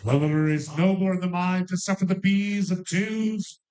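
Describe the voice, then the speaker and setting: A man calling bingo numbers with playful rhymes and jokes, repeating each number slowly. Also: high voice, darkish tone. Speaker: bingo caller.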